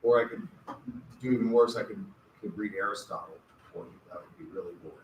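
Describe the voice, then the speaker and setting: A man's voice: fairly low pitch, fast talker. Man lecturing in an echoey classroom. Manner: conversational, wry, rambling asides. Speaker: college lecturer. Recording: echoey classroom from far off, faint hiss.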